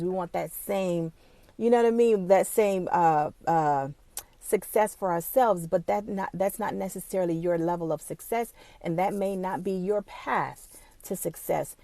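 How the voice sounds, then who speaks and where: A woman with a lowish, creaky, mellow voice, recorded with no room sound. She runs her own small business and speaks straight to camera in a casual, motivational way, blunt and swearing freely. She's emotional and at times close to tears, fighting them back.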